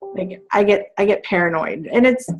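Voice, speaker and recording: Woman, 30s, team coach, casual chatter with lots of "like" and laughs, mid-pitched. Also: moderate pace, muffled recording, soft background music. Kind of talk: casual team call chat.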